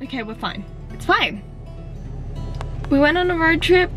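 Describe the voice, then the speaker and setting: Chatty giggly woman in her car, kinda high voice, bouncy, music going behind her. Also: lively intonation, measured pace, pauses often. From Australia. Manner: giggly, chatty, easily flustered. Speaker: vlogger. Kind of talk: casual vlog. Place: inside a car. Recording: background music under the voice.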